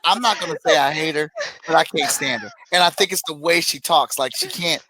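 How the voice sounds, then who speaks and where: Blunt, animated man co-host. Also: on the high side, brisk, slight background noise, poor audio. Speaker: podcast co-host. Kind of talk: casual chat.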